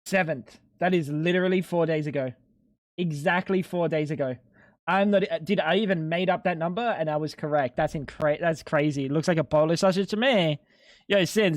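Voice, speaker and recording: In a clean, dry studio recording, a young man with a slightly high voice talks at a moderate pace. He's streaming live, chatting with viewers in a laid-back, slangy way and swearing now and then.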